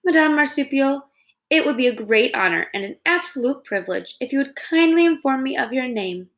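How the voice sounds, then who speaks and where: A woman reading aloud plays a formal, literal robot who tries hard to sound friendly. Her pitch rises and falls a lot, and there is a gravelly edge to her voice. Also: expressive, fairly quick, a bit bright. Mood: stiffly polite. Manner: formal, overly polite, literal. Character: polite, stiff female robot. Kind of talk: reading a children's novel aloud.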